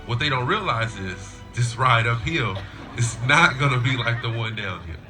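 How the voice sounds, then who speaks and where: Man, middle-aged, coach, graduation speech, storytelling, mid pitch, clear music behind. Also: lively intonation, normal speed. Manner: storytelling, acts out a child's whiny voice in quotes.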